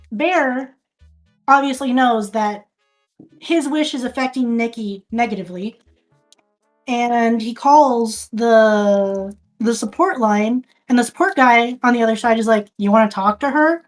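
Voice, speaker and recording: A woman's voice: fairly high pitch, slow pace, pauses often, soft background music. A woman streamer casually recapping a film, rambling, restarting sentences and swearing often.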